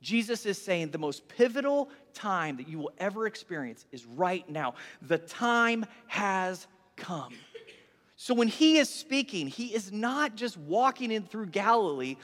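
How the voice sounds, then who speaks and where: Male pastor, sermon, bright high voice, lively storytelling, reverberant church hall. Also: normal speed, hardly any pauses. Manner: animated storytelling, acting out quoted voices, dropping to a whisper for emphasis.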